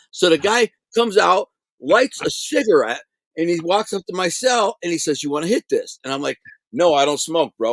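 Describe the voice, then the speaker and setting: A middle-aged man telling prison stories in a casual interview, animated and streetwise, full of slang and acted-out quotes. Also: high voice, dry recording.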